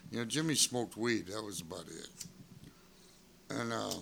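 A man's voice: on the low side, normal speed, vocal fry, slight background noise. A middle-aged man, a former wrestler, telling road stories in casual, profane chat and acting out what people said. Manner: profane, animated storyteller acting out quotes. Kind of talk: casual storytelling.

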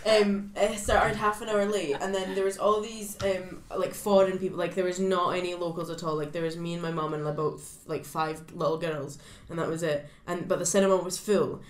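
A woman's voice: lowish voice, fairly even intonation, brisk, hardly any pauses. A woman in her twenties, a podcast co-host telling a story in casual chat, laughing often. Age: 20s. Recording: echoey room.

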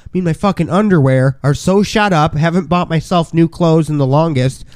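A man's voice: a little high, moderate pace, a little mellow, no echo, studio quality. A man co-hosting a podcast, talking in a crude, profane, boisterous casual way. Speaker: podcast co-host. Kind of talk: casual chat.

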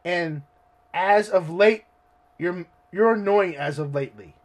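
A man's voice: high voice, a little slow. A man reading as an icy, irritated young noble lady. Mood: cold.

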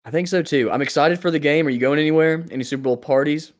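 A man's voice: a little high, quick pace. A young man co-hosting a podcast, chatting casually in a rambling, jokey way and often trailing off and restarting. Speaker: podcast co-host. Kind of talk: casual chat.

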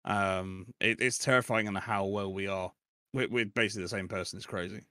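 A man's voice: fairly low pitch, fairly even intonation, fairly quick, bright, forceful tone, dry recording, clean studio sound. A middle-aged man speaking as a podcast guest in a rambling, self-deprecating chat, laughing often. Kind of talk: casual chat.

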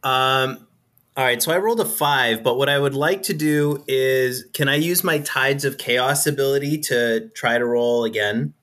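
A man speaks as a player in a tabletop game, his mid-pitched voice clearly bright. He is laid-back and casual, stopping now and then on an um. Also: moderate pace.

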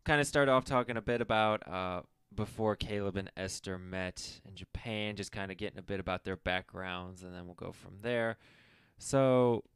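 A man's voice: low-pitched, a bit bright, smooth, no echo, clean studio sound. A man hosting a casual podcast interview, teasing his guests and rambling through self-corrections. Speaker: podcast host.

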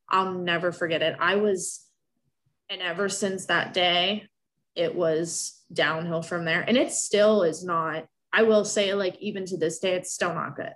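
A woman's voice: lowish voice, steady tone, a little slow, fairly bright tone. Young woman telling an emotional story. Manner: emotional, rambling, with many restarts. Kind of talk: casual personal storytelling.

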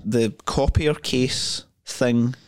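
A man's voice: mid-range voice, drawn-out words. A man co-hosting a film podcast, thinking aloud in rambling, restarting sentences. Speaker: podcast co-host. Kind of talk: casual film chat.

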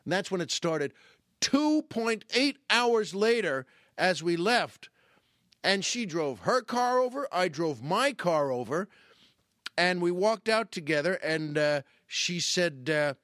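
A middle-aged man hosting a podcast, telling a comic story in an animated, wry, mock-exasperated way, with stammered restarts. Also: high-pitched, normal speed, no room sound, studio quality. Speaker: podcast host.

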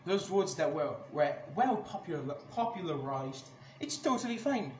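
Man ranting on a podcast, high voice, angry and swearing, echoey room, noticeable background noise. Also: sing-song, moderate pace, a little mellow. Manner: angry, swears a lot, many restarts. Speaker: podcast host. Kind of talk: casual ranting monologue.

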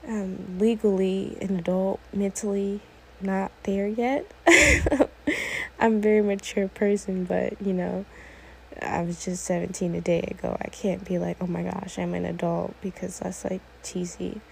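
An eighteen-year-old woman hosts her own podcast alone, speaking unhurriedly in a mid-range, gravelly, slightly rough voice with fairly even intonation over poor audio. Her casual monologue rambles and often gets sidetracked, full of "like"s, and she sounds a little emotional and teary.

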